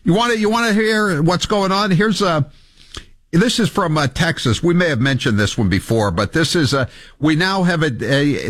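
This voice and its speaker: A male talk radio host delivering animated, sarcastic commentary and taking calls. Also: a little high, no echo, studio quality. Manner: animated, sarcastic, quick to rant.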